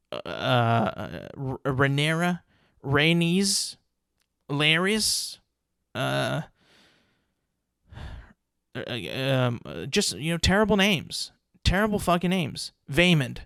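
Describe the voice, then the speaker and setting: A man's voice: a little high, vocal fry, fairly bright tone, no room sound, studio quality. A young man hosting a solo podcast, ranting casually with lots of swearing, fillers and restarts. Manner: rambling, profane, many fillers and restarts. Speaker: podcast host.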